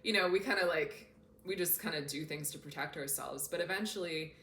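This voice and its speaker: Earnest low-voiced woman in echoey room. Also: fairly quick, fairly bright tone, slight background noise. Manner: earnest, openly emotional. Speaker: self-development coach. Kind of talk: casual talk to camera.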